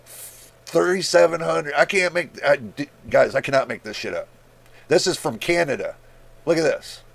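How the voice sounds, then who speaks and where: Man, gravelly voice, slightly high pitch, exasperated, blunt, casual rant. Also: animated, normal speed, a bit bright. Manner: exasperated, incredulous, blunt with swearing. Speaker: tech YouTuber. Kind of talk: casual screen-share rant.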